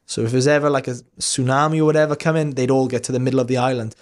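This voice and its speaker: Guy in his 30s rambling thru a personal story on a podcast, earnest, keeps restarting, swears a bit, mid pitch. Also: fairly even intonation, rapid-fire. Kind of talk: casual storytelling.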